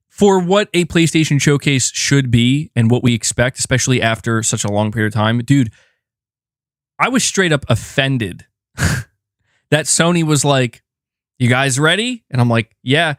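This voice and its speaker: A man gives casual live-stream commentary on gaming news, animated and slangy, laughing often and acting out mock exchanges. His voice sits mid-range, and the recording is dry with clean studio sound.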